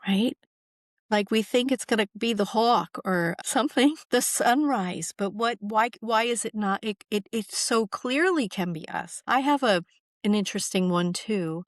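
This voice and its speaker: A woman's voice: mid-range voice, no room sound, studio quality. Emphatic woman sharing spiritual stories. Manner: warm-hearted, emphatic, acts out quotes with lively emphasis. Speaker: podcast guest, author. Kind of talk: conversational storytelling.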